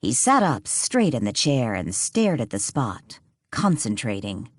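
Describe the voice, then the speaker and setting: An audiobook narrator reading a cozy mystery in measured storytelling. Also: medium pitch, very animated, no echo, studio quality.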